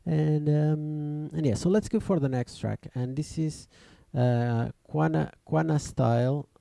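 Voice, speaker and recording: Gravelly, dark-voiced man hosting a music show. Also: a little high, a little slow, no room sound. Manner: rambling, hesitant, many restarts. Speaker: radio show host and DJ. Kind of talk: casual chat on a livestreamed music show.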